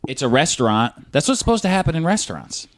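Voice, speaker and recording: A man's voice: fairly high pitch, sing-song, fast talker. A young man co-hosting a comedy podcast, laid-back and rambling, swearing casually as he chats. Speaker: podcast co-host.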